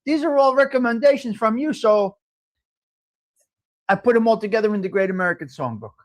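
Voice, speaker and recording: A man's voice: high-pitched, expressive, brisk. A middle-aged man, hosting a live coffee chat stream and talking bluntly to viewers, joking and swearing freely.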